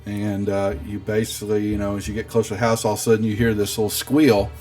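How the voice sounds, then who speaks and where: A man narrating as game master at a tabletop session, hesitant with many pauses. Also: on the low side, flat delivery, a little mellow, faint music behind.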